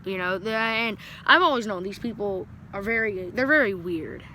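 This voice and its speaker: A man's voice: high voice, animated, normal speed, sharp tone, slight background noise. A young man telling a story to his viewers in a rambling, casual way, full of fillers and restarts. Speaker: vlogger.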